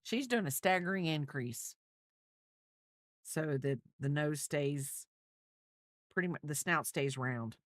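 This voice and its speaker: A woman's voice: low voice, animated, slow, long pauses, no echo, studio quality. A woman crochet streamer in a rambling, chatty livestream, talking to her viewers. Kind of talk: casual livestream chat.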